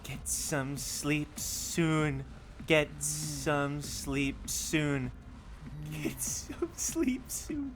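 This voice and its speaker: A streamer voicing a creepy, detached girl who talks in a slow, lifeless monotone while reading game dialogue aloud. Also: mid-range voice, background noise, voice pushed down.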